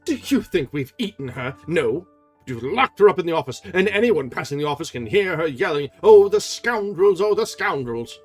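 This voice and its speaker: A man's voice: a little high, expressive, brisk, slightly rough, soft background music, pitched above the performer's own voice. A man voicing a flustered male theatre clerk who answers defensively in a storybook reading.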